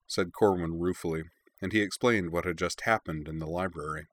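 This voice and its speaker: A man narrating a story in an even, unhurried reading voice. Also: low voice.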